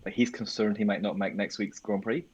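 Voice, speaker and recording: A man co-hosting a laid-back podcast throws questions to his partner and chimes in with quick agreement. His voice is very deep, with a husky, slightly rough edge. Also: steady tone, highs cut off. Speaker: podcast co-host. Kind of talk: casual chat.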